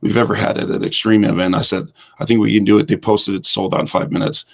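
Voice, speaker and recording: A man's voice: on the low side, quick pace, vocal fry. A man guest on an interview show, telling his story casually and acting out the dialogue he quotes. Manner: animated storyteller who acts out quoted dialogue. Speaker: guest, hip hop fitness instructor.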